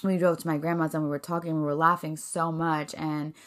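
A woman's voice: sits low, little pitch movement, fairly quick. A woman hosting a podcast, reflecting in a casual, faith-based way with many fillers and restarts. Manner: rambling, filler-heavy, earnest. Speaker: podcast host.

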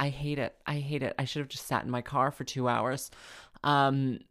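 A woman's voice: rumbling low, level tone, moderate pace, fairly bright tone. A woman hosting her own podcast, chatting casually and tiredly, rambling and restarting her phrases with self-deprecating asides. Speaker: podcast host. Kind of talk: casual solo chat.

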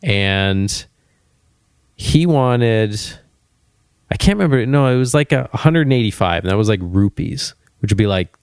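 A young man from Canada hosting a podcast, telling a travel story in a rambling, animated way. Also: on the low side, unhurried, smooth, no echo, studio quality. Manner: rambling, animated anecdote-telling with frequent restarts. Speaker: podcast host.

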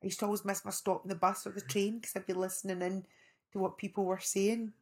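A middle-aged Scottish actress, appearing as a guest, talks fast in a mid-range voice. In casual chat she tells animated, rambling anecdotes, often restarting her sentences.

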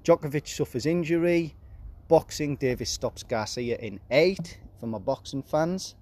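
A man in his forties hosting a casual podcast, reading news headlines aloud with deadpan, sarcastic asides. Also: a little high, measured pace. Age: 40s. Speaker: podcast host.

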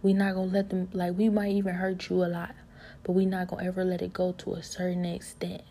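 A woman telling a personal story in a casual, earnest way, with loose informal grammar, often dropping to a soft whisper. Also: on the low side, completely flat delivery, brisk, a little hiss or hum.

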